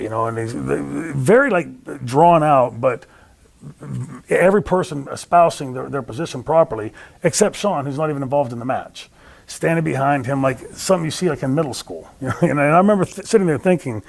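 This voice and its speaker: In this storytelling interview, a male guest with a mid-range, creaky voice speaks fairly quickly. He tells his stories with animation and acts out the voices of the people he quotes.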